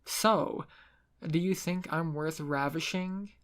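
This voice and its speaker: A man's voice: a little high, slow pace, a bit bright. A man doing a sultry flirtatious mermaid woman. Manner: sultry, teasing.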